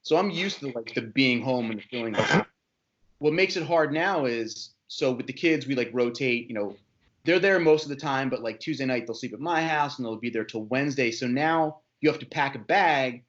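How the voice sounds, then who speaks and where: A mid-pitched man talks easily as a podcast guest, wandering into asides as he explains. His audio sounds slightly dull and lo-fi. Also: normal speed, fairly bright tone. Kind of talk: casual podcast chat.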